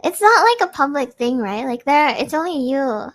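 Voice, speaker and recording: A woman's voice: sits high, lively intonation, moderate pace. A woman chatting casually with her audience, giggling often. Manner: giggly, chatty, frequent laughter. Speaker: streamer hosting a live audio space. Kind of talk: casual chat reading audience comments.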